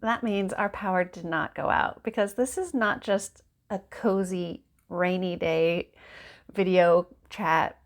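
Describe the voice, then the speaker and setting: A woman's voice: lowish voice, steady tone, slow. A woman in a casual chat at home by a window, talking in a rambling, chatty way and laughing often. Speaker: book vlogger.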